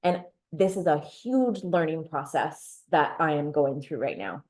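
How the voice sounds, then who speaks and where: A woman's voice: deep voice, expressive, measured pace, darkish tone. A woman in her thirties giving a presentation, telling a candid personal story and sometimes restarting or repeating words. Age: 30s.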